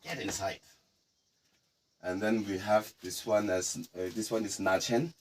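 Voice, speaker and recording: A middle-aged man from Nagaland, guiding a casual tour of a heritage house in a relaxed, explanatory way with playful asides. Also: fairly low pitch, normal speed, a little hiss or hum. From Nagaland, India. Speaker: tour guide.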